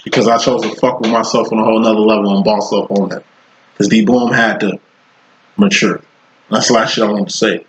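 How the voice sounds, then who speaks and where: A man's voice: on the low side, brisk, slight background noise. Blunt, profane man in his thirties. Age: 30s. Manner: blunt, profane street talk. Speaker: psychic tarot reader. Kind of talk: casual tarot reading vlog. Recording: roomy, dull lo-fi sound.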